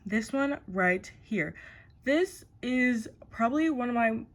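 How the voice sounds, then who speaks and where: A woman's voice: fairly high pitch, expressive, slow. A young woman author chatting casually to camera, thinking aloud as she talks. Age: young adult. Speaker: author vlogger.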